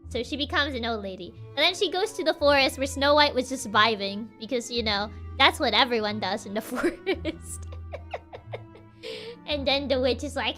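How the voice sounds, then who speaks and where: A woman's voice: sits high, animated, moderate pace, sharp tone, soft background music. A young woman streamer telling a story on a livestream in a playful, giggly, chatty way.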